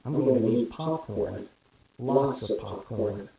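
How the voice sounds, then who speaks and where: A man's voice: mid-range voice, slow pace, creaky, dark tone. A man voicing an eager, chatty young male companion in a storybook reading. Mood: amused. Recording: very echoey room with crowd noise.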